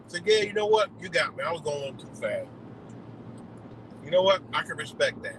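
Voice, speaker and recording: A man's voice: a little high, normal speed, pauses often, noisy background. A man on a live stream delivering a heated, profane rant full of rhetorical questions. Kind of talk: ranting monologue.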